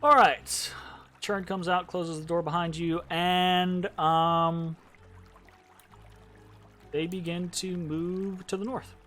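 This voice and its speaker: A man runs a tabletop game as game master. He talks slowly and fairly high, and he pauses often with ums and restarts. Faint music plays under his voice. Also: flat delivery, a bit bright. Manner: hesitant, many ums and restarts.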